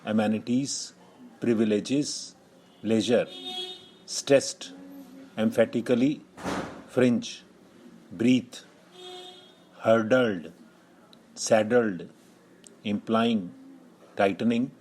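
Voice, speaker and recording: Guy doing shorthand dictation, super slow, one word at a time. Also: fairly low pitch, husky, rough recording. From India. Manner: reads isolated words with steady pauses. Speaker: shorthand teacher.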